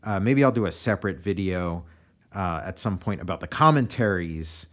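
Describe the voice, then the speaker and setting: Low-voiced man rambling about his comics. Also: normal speed. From United States. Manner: relaxed and meandering, often restarting sentences. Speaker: comic artist. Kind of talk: casual commentary on his comic pages.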